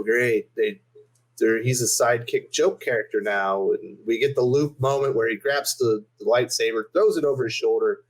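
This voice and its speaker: A man's voice: mid-range voice, poor audio. A man co-hosting a podcast, telling an exasperated story in casual chat. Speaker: podcast co-host.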